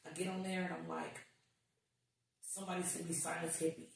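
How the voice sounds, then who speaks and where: Animated woman in an echoey room. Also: lowish voice, brisk, creaky, a little hiss or hum. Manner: animated, swearing, acts out quotes. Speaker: podcast guest. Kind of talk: casual storytelling chat. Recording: echoey room, distant mic.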